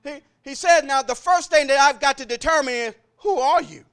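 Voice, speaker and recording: High, bright-voiced preacher man. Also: moderate pace. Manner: rhythmic call-and-response preaching that builds to shouting. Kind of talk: sermon. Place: church.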